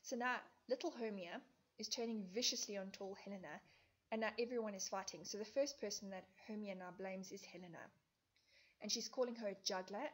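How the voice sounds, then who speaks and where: A woman teacher explaining a classic play in a lesson video, turning old lines into plain modern speech. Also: medium pitch. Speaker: English teacher.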